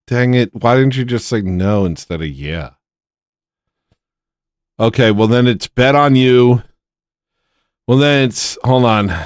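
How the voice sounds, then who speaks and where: A man's voice: medium pitch, slow pace, long pauses, smooth, no echo, studio quality. A man hosting a livestream, chatting casually with viewers in an exasperated, incredulous, mock-outraged way. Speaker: livestream host.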